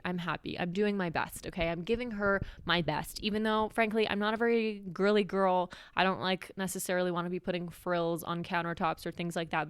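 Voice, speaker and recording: A woman's voice: on the low side, clean tone, no room sound. A young woman hosting a podcast, talking candidly and reflectively about her own feelings in a solo, confessional way. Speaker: podcast host.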